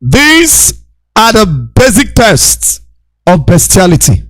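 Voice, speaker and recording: A man giving a preachy, impassioned lecture, repeating his points and shouting rebukes. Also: sits high, big pitch swings, takes it slowly, no echo.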